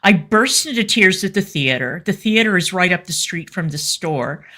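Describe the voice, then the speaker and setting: A woman co-host with a fairly low-pitched voice talks in casual commentary. She is candid and effusive, and her sentences stop and restart around ums and uhs. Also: animated, normal speed, sharp tone. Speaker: show co-host.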